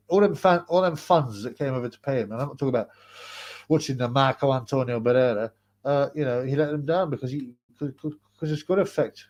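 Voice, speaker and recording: The host's voice is mid-range with a darkish tone. He's chatting casually on his livestream, answering comments from viewers in a rambling, repetitive way, with plenty of laughs mixed in.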